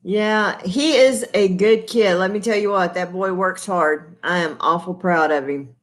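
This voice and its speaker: Slow-talking Texan woman chatting live. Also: on the low side. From Texas. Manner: chatty, folksy, rambling with many fillers. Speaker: livestream host. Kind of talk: casual live-stream chat. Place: kitchen table at home. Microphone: laptop built-in mic.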